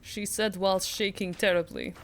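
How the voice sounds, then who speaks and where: A woman's voice: mid-range voice, fairly even intonation, moderate pace, slight background noise. A woman streaming a video game, chatting casually with her viewers. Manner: chatty, thanks chat, self-reassuring. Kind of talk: casual let's-play chat.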